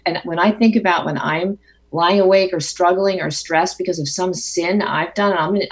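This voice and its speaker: A middle-aged woman speaks as a guest in a conversation, thoughtful and earnest, often circling back to restart a phrase. Her voice sits somewhat low for a woman. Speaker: author and guest. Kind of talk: phone interview conversation.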